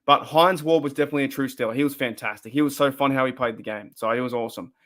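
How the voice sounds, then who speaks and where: A man's voice: medium pitch, very fast, a bit bright. An Australian man hosting a casual fan livestream, rambling and reading out viewer comments as he goes. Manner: chatty, rambling, reads out chat comments. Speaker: fan show host.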